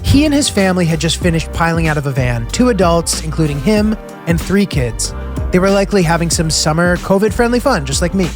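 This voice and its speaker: A young American man narrates his road trip in a loose, self-mocking voice-over. His voice sits high. Clear background music runs under the narration. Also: expressive, fairly quick. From United States. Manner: casual, self-deprecating, filler-heavy. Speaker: travel vlog narrator. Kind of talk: scripted travel narration.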